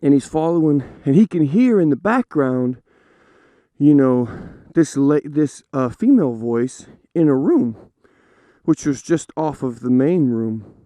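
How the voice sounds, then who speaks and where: A man's voice: fairly high pitch, lively intonation, a little slow, warm tone, no echo. A man casually telling a story to camera, chatty with frequent fillers and laughs. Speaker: storyteller host. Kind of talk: casual anecdote told to camera.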